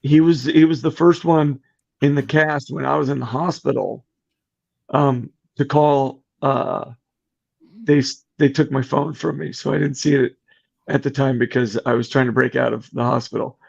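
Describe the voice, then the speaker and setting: A middle-aged man with a deeply gravelly, husky voice tells a story in a casual podcast chat, lively and acting out what others said. The audio is muffled and lo-fi. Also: normal speed. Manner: animated, acts out quoted voices. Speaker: podcast guest.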